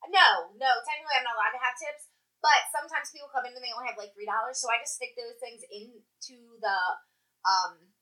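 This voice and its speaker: A woman's voice: a little high, brisk, poor audio. A woman casually telling a story about her job in a toll booth, swearing freely and acting out what people said. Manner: animated, profane, acts out quotes.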